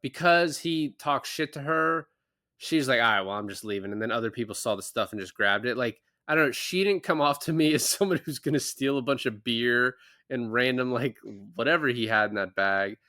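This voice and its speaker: A podcast co-host rambles casually about a movie, laughing often. His mid-range voice is bright and forceful, moving at normal speed. The recording is dry with clean studio sound.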